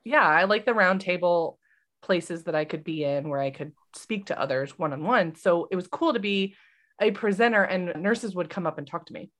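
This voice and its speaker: A woman's voice: lowish voice, moderate pace. A woman in her thirties co-hosting a podcast, chatting casually and acting out the voices of people in her story. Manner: animated, acts out quoted voices. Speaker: podcast co-host, nurse.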